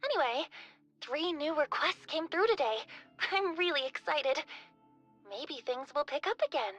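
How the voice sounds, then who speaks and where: A woman's voice: high voice, lively intonation, a little slow, dull audio, faint music behind, voice pushed up. A woman voicing a cheerful, chatty young woman who runs a corpse business. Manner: bright, chatty, upbeat.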